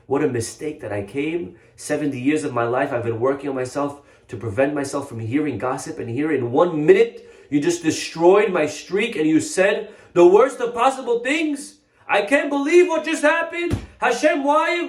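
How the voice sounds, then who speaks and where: A man voicing an elderly, revered male rabbi who is outraged and anguished, with shouting, pleading cries. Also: mid-range voice, lightly acted. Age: 70s. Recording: echoey room.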